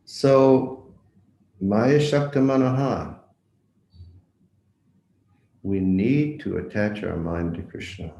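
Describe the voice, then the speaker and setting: A man's voice: mid-range voice, mellow, reverberant, poor audio. A man giving a devotional lecture as a visiting monk, telling a story, repeating words for emphasis and asking his listeners direct questions. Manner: asks the audience direct questions.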